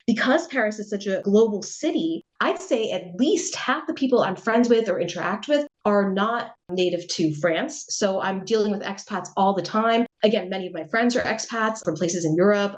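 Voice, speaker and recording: An American woman, a writer, giving thoughtful, chatty answers in an interview and laughing lightly as she talks. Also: mid-range voice. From United States.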